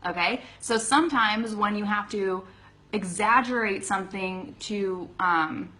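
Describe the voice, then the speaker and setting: A woman with a Californian accent teaching English in a live online lesson. Her voice sounds bright and clear. She talks in a chatty, easygoing way, laughs often, and checks in with her viewers. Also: mid-range voice, measured pace, poor audio.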